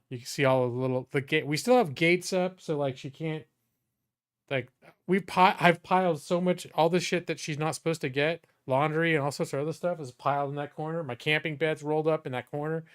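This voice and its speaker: Guy w a kinda high voice rambling casually thru a room tour at home. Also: fairly even intonation, normal speed, smooth. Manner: rambling, restarts sentences. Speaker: streamer giving a room tour. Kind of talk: casual chat. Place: bedroom at home.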